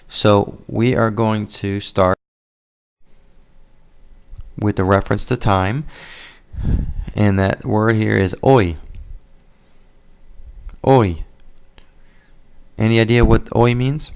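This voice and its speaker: A man with a low, gravelly yet smooth voice gives a casual Spanish lesson. He explains pronunciation in an easygoing way, then models each word slowly for the listener to repeat. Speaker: Spanish teacher. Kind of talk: casual spoken language lesson.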